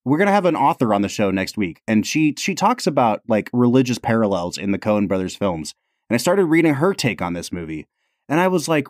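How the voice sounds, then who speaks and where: A man's voice: medium pitch, sing-song, a little fast, no echo, clean studio sound. A man co-hosting a podcast, chatting casually and emphatically and often laughing. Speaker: podcast co-host. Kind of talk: casual chat.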